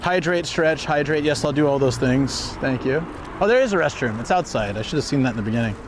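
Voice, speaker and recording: A man's voice: mid-range voice, a little fast, noisy background. Chatty male live-streamer with a stuffy nose. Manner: relaxed, chatty, laughs often. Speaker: travel vlogger streaming live. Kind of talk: casual live-stream chat. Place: walking around shops and a car outdoors.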